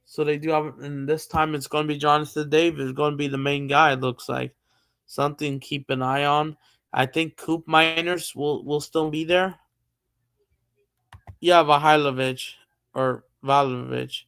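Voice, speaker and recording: A man's voice: on the high side, steady tone, moderate pace, vocal fry, a bit bright, smooth. A man hosting a live stream, chatting casually about football and thinking aloud with many fillers and restarts. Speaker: streamer host.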